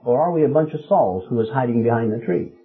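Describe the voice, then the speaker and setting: A man in his fifties preaching a sermon, telling a story and rising to loud, emphatic peaks. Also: mid-range voice, lively intonation, fast talker, husky. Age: 50s. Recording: tinny phone-like sound.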